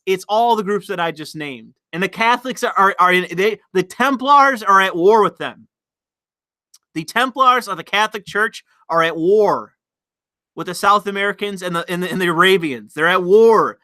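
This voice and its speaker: A man with a high, bright, forceful voice rants on his livestream, rambling and swearing as he answers the chat. He tries to provoke his viewers on purpose. His desk mic is close, and the sound is dry. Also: no room sound. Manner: rambling, profane, deliberately provocative. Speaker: livestream host reading chat. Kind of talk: casual livestream rant.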